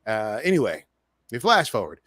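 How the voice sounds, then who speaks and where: A man's voice: lowish voice, wildly swooping pitch, normal speed, fairly bright tone, no room sound, clean studio sound. A man hosting a podcast, casually recapping a TV episode in a rambling, chatty way with many fillers. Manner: rambling, chatty, full of "uh" and "so he's like". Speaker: podcast host.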